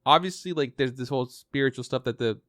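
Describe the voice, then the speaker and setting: A man co-hosting a podcast, chatting casually and retelling an anime with lively quoted bits and swearing. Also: mid-range voice, fast, no echo, clean studio sound. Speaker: podcast co-host. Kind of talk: casual chat reviewing an anime.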